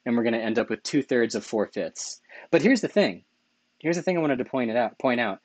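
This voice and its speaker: A man with an expressive, mid-range, darkish voice talks a little fast through a math lecture on slides, captured on a dry recording. His enthusiasm shows as he repeatedly corrects himself and asks "right?" along the way.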